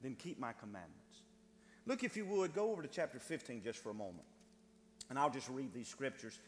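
A man's voice: mid-range voice, sing-song, brisk, big-room sound, slight background noise. A man preaching a sermon as pastor, reading scripture and driving points home by repeating phrases to the congregation. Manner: emphatic preaching, repeats phrases, addresses brethren.

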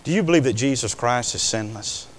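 An older male preacher delivering an impassioned sermon, swinging between hushed words and loud declarations. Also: mid-range voice, animated, a little fast, slight background noise. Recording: long hall reverb.

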